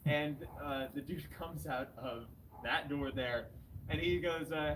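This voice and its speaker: A man's voice: on the high side, measured pace. A man co-hosting a live comedy show, bantering loosely with many restarts. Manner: rambling, playful, many restarts. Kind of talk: casual improvised banter. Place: outdoors near a fire escape. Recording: distant mic, noisy outdoor ambience.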